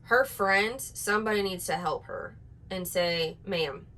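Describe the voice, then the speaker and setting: A woman's voice: medium pitch, a little slow, sharp tone, slight background noise, rough recording. A woman giving casual reaction commentary, sarcastic and exasperated, rambling with restarts. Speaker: commentary YouTuber.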